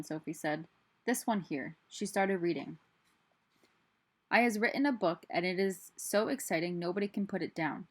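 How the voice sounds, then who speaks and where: A woman reads a children's book aloud the way a teacher does for her class. Her voice sits a little low. She tells the story expressively and voices it with a lively touch.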